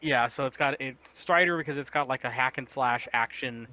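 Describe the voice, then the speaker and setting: A man with a bright, forceful voice chats casually on a live stream, wandering through game news. He talks in loose, filler-heavy runs and laughs easily. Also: medium pitch, moderate pace, low-quality recording. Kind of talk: casual chat.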